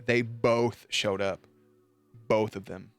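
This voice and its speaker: A man streaming at night, chatting casually with his viewers, swearing, joking and now and then breaking into loud high yelps. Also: fairly even intonation, takes it slowly, dry recording, faint music behind. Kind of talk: casual chat reading out viewer messages.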